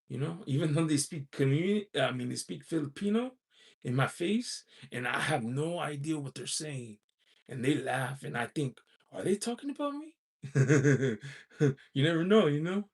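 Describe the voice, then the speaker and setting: Speaking at normal speed, an American man with a gravelly, husky voice on the high side hosts a casual livestream. He reads viewer chat aloud and rambles, saying "you know" often and chuckling frequently.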